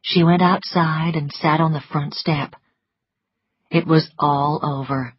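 A woman narrating an audiobook in a measured, even storytelling manner. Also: deep voice, slightly rough. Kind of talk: scripted narration. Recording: slightly muffled lo-fi, dry.

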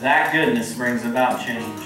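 A man's voice: mid-range voice, a little slow, over music. A man preaching a sermon in a folksy, earnest way and drawing responses from the congregation. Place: church hall. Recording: echoey hall from far off.

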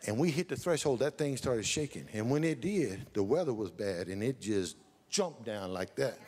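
A man preaching a sermon as pastor, telling a lively story, building up to shouts. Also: medium pitch, normal speed, in a large hall.

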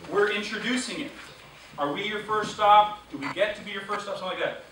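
High-voiced man teaching a sales class. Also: quick pace, distant mic, a little hiss or hum. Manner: lively storytelling, quizzes the class. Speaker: sales trainer. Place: training classroom. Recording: echoey room, recorded from afar.

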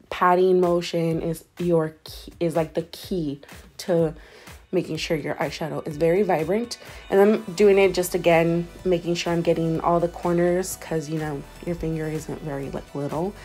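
A woman's voice: on the low side, warm tone. A woman casually talking through her makeup steps as a beauty vlogger, rambling and correcting herself with lots of fillers. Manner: rambling, self-correcting, chatty with many fillers. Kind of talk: casual makeup tutorial voice-over.

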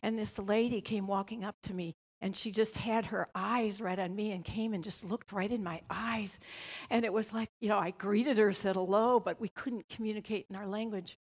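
Older woman, gravelly voice with some fry, earnest and reflective storyteller at a conference panel. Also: medium pitch, steady tone, normal speed. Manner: earnest, reflective, with soft laughs. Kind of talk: personal storytelling talk.

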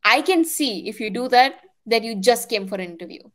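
A woman's voice: on the high side, brisk. Emphatic young woman giving career advice. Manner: energetic, emphatic, repeats key phrases. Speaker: product manager guest.

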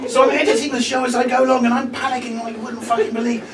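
High-voiced stand-up comic. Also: male voice, flat delivery, quick pace, far from the mic, a loud crowd. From Brighton, England. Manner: chatty, swears freely, keeps asking "right?". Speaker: stand-up comedian. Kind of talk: stand-up storytelling. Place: comedy stage before a live audience. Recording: roomy live venue taped from afar, loud audience laughter.

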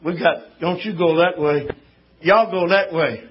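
A man's voice: fairly high pitch, fairly even intonation, unhurried, dull audio, a little hiss or hum, close to an everyday voice. A man voicing a stern, dismissive Pharaoh, within a sermon. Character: stern male Pharaoh giving curt orders.

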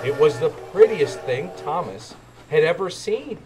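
A man reading a children's storybook aloud, with expressive, animated narration. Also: fairly high pitch, unhurried, over music. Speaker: children's book reader.

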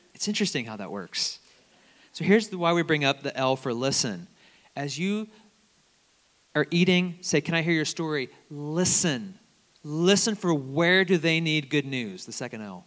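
A middle-aged man preaches in a church, his voice bright and ringing with a long hall echo behind it. He talks to the room like a conversation and acts out little exchanges of dialogue as he goes. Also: mid-range voice. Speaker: campus minister preaching. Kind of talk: sermon. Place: church sanctuary.

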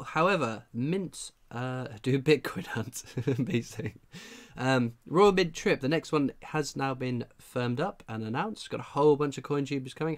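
A man with a cold, hosting a casual live stream, chatting and reading out viewer names. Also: medium pitch. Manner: chatty, reads out viewer names, laughs a lot. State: has a cold. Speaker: livestream host. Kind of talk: casual livestream chat.

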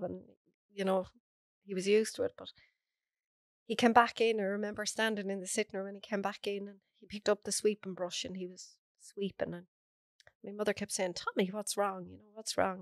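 A woman's voice: medium pitch, level tone, fairly quick, no echo. An Irish woman, a podcast guest, earnestly recounting a personal story in close detail. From Ireland.

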